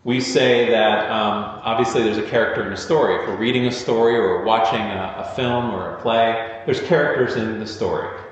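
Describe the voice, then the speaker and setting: A man's voice: lowish voice, fairly quick, few pauses. Male pastor preaching in an echoing hall. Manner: informal, storytelling, self-deprecating asides. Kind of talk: conversational sermon. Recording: echoey hall, dull lo-fi sound.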